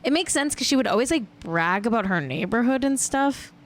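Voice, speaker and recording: With a fairly high, animated voice and a slightly fast pace, a podcast host dishes on celebrities in a casual, amused way, saying "like" over and over. There's slight background noise.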